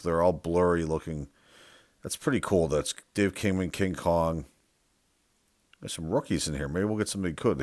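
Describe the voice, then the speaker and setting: A man with a lowish voice talks through a box of old baseball cards in a loose, rambling way, second-guessing himself and reading names aloud as he goes. The sound is close and dry, with no room around it. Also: no room sound. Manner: rambling, unsure, thinks aloud, reads off player names. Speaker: sports card collector. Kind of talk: casual card-opening commentary.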